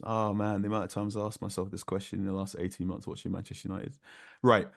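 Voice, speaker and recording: Low-voiced football journalist, animated. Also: male voice, fast, vocal fry, dry recording, studio quality. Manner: animated, repeats words for emphasis. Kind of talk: conversational podcast analysis.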